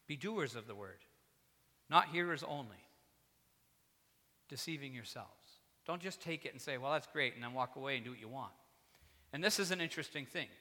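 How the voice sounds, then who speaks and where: A man preaching a sermon in a church, earnest and swinging between fervent emphasis and quiet, low passages. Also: expressive, moderate pace, pauses often. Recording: echoey hall.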